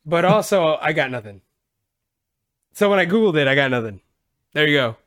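A man hosting a podcast, joking and swearing in loose, animated banter. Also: on the high side, normal speed, crowd noise. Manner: animated, profane, jokey. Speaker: podcast host. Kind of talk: casual podcast chat.

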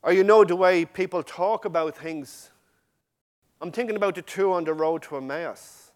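With a high-pitched, clear, resonant voice at normal speed, a man gives a passionate sermon. He addresses the congregation directly, switching between loud emphasis and lines spoken in a near-whisper.

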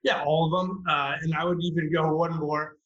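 Man, founder guest, casual storytelling, slightly high voice, echoey room, muffled lo-fi audio. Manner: animated, fast storytelling with acted-out quotes. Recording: roomy, dull lo-fi sound.

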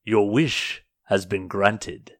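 A man's voice: lowish voice, steady tone, slow pace, fairly bright tone, no echo, studio quality. A man voicing a sly tusked genie. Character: tusked red-skinned genie monster, sly.

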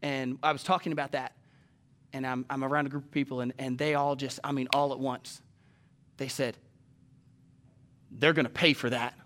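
A man preaching a sermon to a live congregation, animated and jumping up to loud exclamations and acted-out quotes. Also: medium pitch, a little fast. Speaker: pastor. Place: church sanctuary with a live congregation.

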